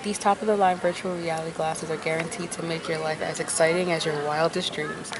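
A woman's voice: low-pitched, little pitch movement, a little fast, a crowd in the background. A woman chatting playfully with a friend on a trip and doing a mock advertisement. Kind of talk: casual chat.

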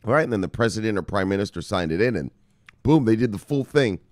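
His voice sits on the low side and moves at a quick pace in a clean studio recording with no room sound. Hosting a crypto news show, he reads headlines and then riffs casually, swearing and tossing off joking asides in an animated manner.

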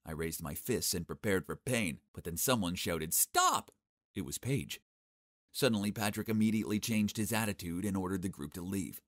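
A young man narrating a first-person animated story in a cocky, sarcastic, expressive way. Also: deep voice, brisk, dry recording, studio quality.

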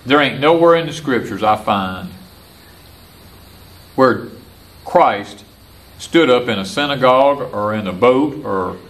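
A man's voice: mid-range voice, takes it slowly, pauses often. An older Southern man, a homesteader and former preacher, gives a folksy porch-side sermon and repeats his points. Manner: folksy, repetitive, animated. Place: outdoor porch.

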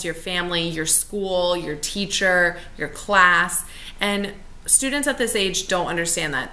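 A young adult woman who teaches elementary school talks casually to camera in a vlog, chatty and upbeat though sometimes worn out. Her medium-pitched voice sounds pushed and bright.

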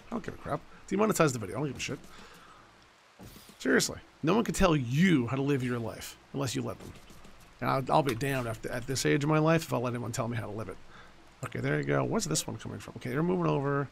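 Gravelly, blunt man in his forties. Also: medium pitch, a little fast, slight background noise. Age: 40s. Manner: blunt, swears freely, rambling asides. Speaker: gaming YouTuber. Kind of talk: casual let's-play commentary.

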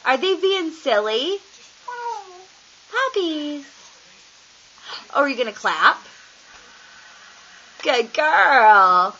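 A woman's voice: high-pitched, big pitch swings, very slow, pauses often, sharp tone. A woman talking baby talk to her little one at home, coaxing in a sing-song way and often laughing, recorded on a home camera. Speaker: parent filming her baby. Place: home, indoors. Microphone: handheld camera. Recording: dull lo-fi home camcorder audio.

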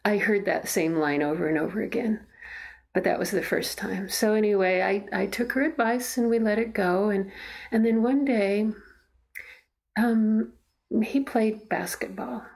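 A woman's voice: medium pitch, creaky, a little mellow. A middle-aged woman, a mother, speaking earnestly and reflectively in a documentary interview at home. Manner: earnest, halting, reflective storytelling. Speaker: mother telling her story. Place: in her own home.

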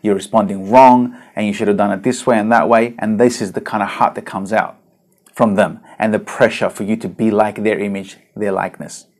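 A man preaching a sermon as a pastor, earnest and emphatic, with many rhetorical questions and a pace that moves between slow, drawn-out phrases and quick bursts. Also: lowish voice, steady tone, a little mellow.

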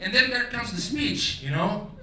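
A man's voice: high-pitched, animated, moderate pace. A Brazilian man from Rio de Janeiro with a carioca accent, speaking English as a second language and doing a loose, profane stand-up set on a theater stage. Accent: Brazilian Portuguese, carioca. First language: Portuguese. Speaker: stand-up comedian. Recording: roomy theater, distant mic, loud audience.

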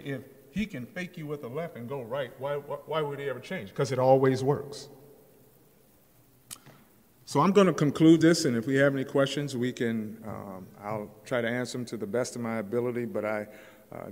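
Man teaching Sunday School in an echoey hall. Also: mid-range voice. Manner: slow, emphatic scripture reading. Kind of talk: church lesson with scripture reading. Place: church. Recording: echoey church hall reverb.

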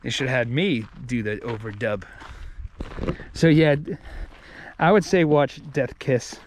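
A man's voice: medium pitch, expressive, unhurried, a little hiss or hum. A man giving a casual, rambling movie review, with many fillers and restarts.

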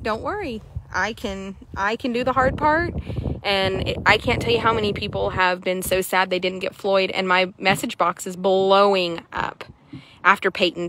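A woman, chatting excitably to viewers while showing a horse for sale in an arena. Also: mid-range voice, noisy background. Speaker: horse seller. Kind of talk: casual sales chat while riding.

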